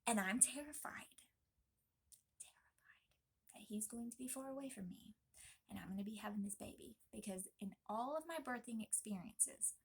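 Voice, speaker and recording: A young woman vlogging casually, talking in an emphatic, chatty and animated way. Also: mid-range voice, a little fast, gravelly, husky. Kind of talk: casual pregnancy vlog talk.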